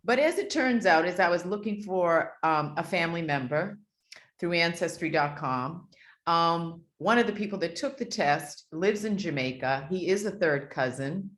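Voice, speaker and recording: A woman's voice: lowish voice, expressive, normal speed. A woman from Portland, Maine, a producer guest, speaking earnestly and reflectively in an interview. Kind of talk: casual interview chat.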